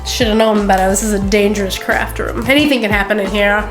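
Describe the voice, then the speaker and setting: A woman's voice: medium pitch, fairly even intonation, fast, reverberant, over music. A woman vlogging a resin craft tutorial in her home craft room, chatty and playful, full of rambling asides. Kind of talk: casual crafting tutorial chat.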